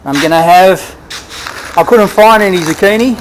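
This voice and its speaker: Man, casual vlog, rambling, fairly high voice, faint outdoor noise. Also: moderate pace. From Australia. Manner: rambling, repeats himself, restarts often. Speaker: vlogger. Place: on the road near his van, outdoors.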